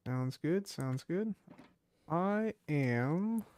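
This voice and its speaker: A man's voice: a little high, lively intonation, extremely slow, a little mellow. A man playing a card game with a friend, answering briefly and groaning in mock dismay at bad draws. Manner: easygoing, short replies, mock dismay. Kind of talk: casual game chat over a call.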